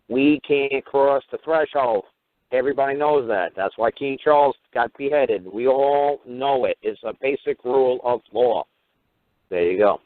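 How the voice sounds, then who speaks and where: A man's voice: medium pitch, dry recording. Man, call-in radio host; swears and rambles on, thin phone-line sound. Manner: profane, ranting, rambling.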